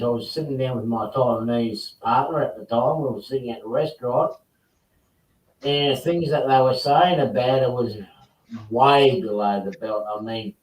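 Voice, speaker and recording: A chatty man hosting a relaxed online hangout, rambling through his stories with plenty of restarts. His voice sits at an ordinary middle pitch. He sounds set back from the microphone in a roomy, echoing space. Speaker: host. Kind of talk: casual chat. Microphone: video call. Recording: roomy distant mic.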